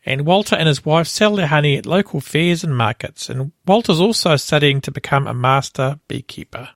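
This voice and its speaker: Relaxed man co-hosting a podcast. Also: on the high side, a little fast, vocal fry, dry recording, studio quality. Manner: relaxed, stumbles and restarts. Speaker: podcast co-host. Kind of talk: casual chat.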